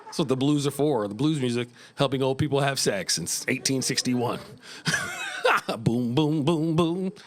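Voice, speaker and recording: A man's voice: medium pitch, a little fast. A man in his fifties from Northern California doing loose, profane live stand-up comedy in a small club, chuckling at his own jokes. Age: 50s.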